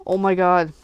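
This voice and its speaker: A woman crafter chatting casually while making cards, gushing with excitement and slipping into whispers over cute things. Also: extremely high pitch, no room sound, dull audio. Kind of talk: casual crafting livestream chat.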